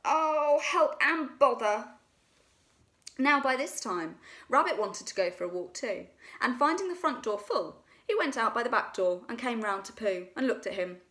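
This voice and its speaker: A woman storyteller reading a children's story aloud in a gentle, expressive way. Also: on the high side, normal speed.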